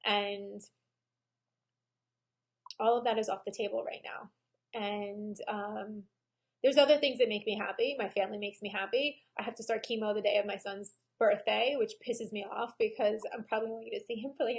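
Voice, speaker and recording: A woman photographer speaking candidly and emotionally in a personal video diary, pausing often with "um". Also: medium pitch, steady tone, vocal fry. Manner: frank and emotional, with frequent pauses and "um"s. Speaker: photographer and vlogger.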